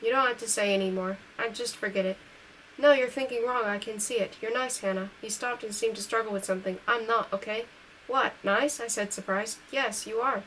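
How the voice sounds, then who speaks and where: A woman reads a novel aloud in an unpolished, home-recorded way, pausing to correct her own slips. Her voice sits in a middle pitch and gets a little brighter and louder on the characters' lines. A faint steady hiss runs under the recording. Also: poor audio. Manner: reads dialogue lines a little louder and livelier than narration. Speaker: audiobook reader. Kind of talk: amateur read-aloud of a novel.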